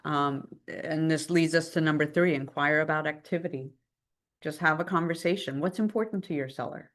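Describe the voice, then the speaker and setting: A woman with a fairly low voice teaches a live class in a relaxed, chatty way. She acts out quick phone calls as she goes, and she sounds lively and conversational throughout. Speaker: real estate trainer.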